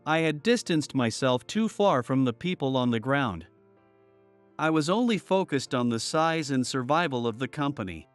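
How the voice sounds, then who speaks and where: A man reading a first-person story in an even, measured storytelling voice. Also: medium pitch, clean tone, no echo, soft background music. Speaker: narrator.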